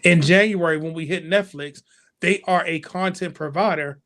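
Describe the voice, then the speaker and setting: A man co-hosting a wrestling talk show, talking in an animated way and acting out fan reactions. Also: a little high, normal speed, crowd noise. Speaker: podcast co-host. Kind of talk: casual chat.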